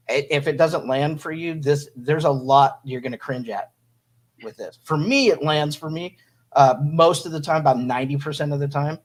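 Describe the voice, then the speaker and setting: A man co-hosting a casual movie review, giving his opinions in rambling, self-correcting sentences. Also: on the high side. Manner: rambling, many restarts while giving opinions. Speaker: podcast co-host.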